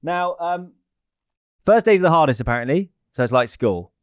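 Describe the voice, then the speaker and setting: A man's voice: fairly high pitch, animated, moderate pace, smooth, no echo, clean studio sound. A young man, co-hosting a comedy podcast in rambling, joking chat. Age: young adult. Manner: joking, rambling, swears freely. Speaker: podcast co-host.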